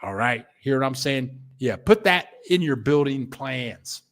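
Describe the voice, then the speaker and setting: A man's voice: mid-range voice, expressive, unhurried, a bit bright. An older man chatting casually on a live stream, telling stories and reading out viewer comments. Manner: storytelling, reads viewer comments aloud, chuckles. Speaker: vlogger.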